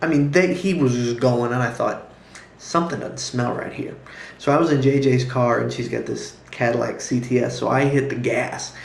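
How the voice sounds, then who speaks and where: Sex: man. Lively storyteller in an echoey room. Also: mid-range voice, normal speed, vocal fry, slight background noise. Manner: lively, with sound effects and acted-out quotes. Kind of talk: animated personal storytelling. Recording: roomy echo.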